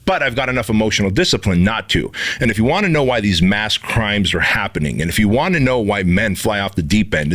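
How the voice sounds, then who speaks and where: A man co-hosting a podcast, telling stories in an animated, profane way and acting out the quotes in them. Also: fairly low pitch. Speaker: podcast co-host and instructor. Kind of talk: casual podcast conversation.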